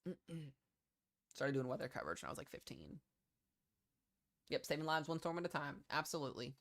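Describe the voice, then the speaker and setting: A man's voice: fairly high pitch, big pitch swings, quick pace, vocal fry, fairly bright tone. A man in his twenties giving casual live weather commentary, chatty and loose with many fillers while he answers viewers' questions. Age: 20s. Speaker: weather livestreamer.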